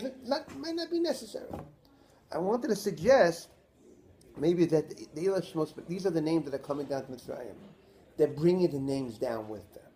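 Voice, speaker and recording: A man, a rabbi, giving a Torah class lecture in an animated way, posing rhetorical questions to his listeners. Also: fairly high pitch, fairly quick, slight background noise.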